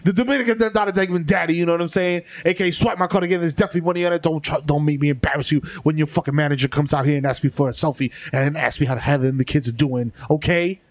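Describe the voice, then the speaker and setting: A man's voice: on the high side, steady tone, quick pace, hardly any pauses, no echo. A man co-hosting a comedy podcast, riffing boastful, profane bits with swagger. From the Bronx, New York. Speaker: podcast co-host. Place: podcast studio.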